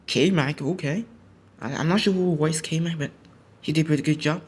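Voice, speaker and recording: A man's voice: a little high, moderate pace, husky. A sleepy young man, just out of bed, giving a rambling casual reaction commentary at home, often restarting his sentences. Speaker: YouTuber reacting to a trailer. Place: home, indoors. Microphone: home recording setup.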